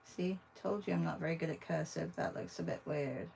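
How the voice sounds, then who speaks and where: A woman's voice: low-pitched, steady tone, fairly quick, vocal fry, darkish tone, a little hiss or hum, low-quality recording. A woman art teacher chatting casually with viewers while she draws, thinking aloud as she works. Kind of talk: casual livestream drawing demo.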